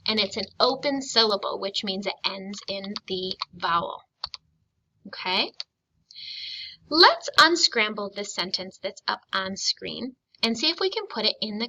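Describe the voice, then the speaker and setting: A woman teaching a recorded phonics lesson to young children, speaking slowly and clearly, stretching out sounds and syllables and pausing after her questions. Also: medium pitch, sharp tone, slight background noise, low-quality recording. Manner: asks questions and pauses for children to answer.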